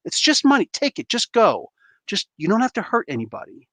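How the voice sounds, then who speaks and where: Jittery homeowner pleading with a robber, voice pushed up high, as a man acts him out. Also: wildly swooping pitch, brisk, pushed and bright, no room sound, exaggerated voice. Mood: placating. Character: flustered homeowner, adult man, handing over money.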